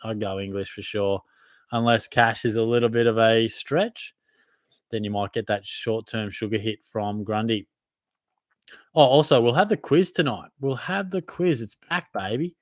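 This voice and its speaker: Laid-back Aussie bloke reading live comments. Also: male voice, fairly low pitch, normal speed, no room sound, studio quality. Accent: Australian. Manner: casual, matey, laughs at himself. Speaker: fantasy football podcast host.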